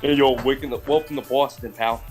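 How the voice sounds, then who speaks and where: A man's voice: mid-range voice, fairly even intonation, a little fast, loud music behind the voice, poor audio. A man in a casual group chat, reading out history items in a put-on Boston drawl.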